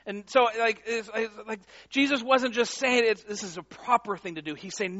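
A man with a notably high-pitched voice delivers a sermon, talking to his congregation in a loose, conversational way. He leans on emphasis and often restarts his phrases. The recording has a slightly dull, muffled tone. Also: moderate pace, hardly any pauses, a bit bright. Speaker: pastor.

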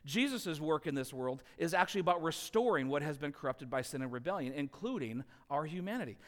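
A man preaching a sermon as a pastor, telling a family story with lively, animated delivery. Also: fairly high pitch, brisk, long reverb tail. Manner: animated storytelling, rising loud when acting out scenes.

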